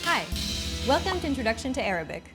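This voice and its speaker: A woman presents a language lesson in a scripted, explanatory way. Her pitch sits a touch high and moves a lot, bouncing up and down as she teaches. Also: sing-song, fast, loud music behind the voice. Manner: clear, explanatory teaching delivery.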